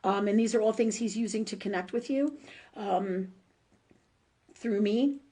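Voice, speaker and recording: A woman's voice: medium pitch, measured pace, husky. A middle-aged woman speaks as a spiritual medium on a live stream, reading for viewers in a loose, heartfelt, rambling style. She restarts her sentences and fills gaps with ums, and her tone turns blunt and profane when she is frustrated. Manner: emotional, warm-hearted, rambling with many fillers and restarts; blunt, swears freely. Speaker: spiritual medium hosting a live call-in show.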